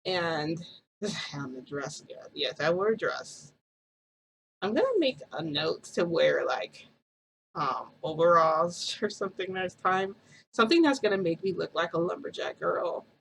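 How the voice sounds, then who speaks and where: A woman's voice: fairly low pitch, expressive, a little slow, gravelly, a bit bright, slight background noise, rough recording. Chatty young woman telling a story. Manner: chatty, giggly retelling full of quoted dialogue. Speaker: vlogger. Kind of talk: casual storytelling vlog.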